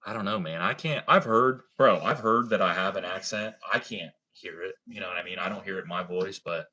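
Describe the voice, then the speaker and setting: A man's voice: sits low, brisk, bright, forceful tone. A young man from Ohio with a slight country accent, chatting casually on a livestream, laid-back and swearing freely. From Ohio, USA. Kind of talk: casual livestream chat reading comments.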